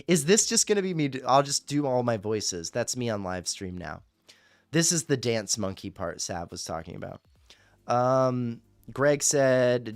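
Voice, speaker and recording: A man's voice: mid-range voice, animated, measured pace, dry recording. A man hosting a fan radio show, chatting casually on a livestream in a rambling, profane and jokey way.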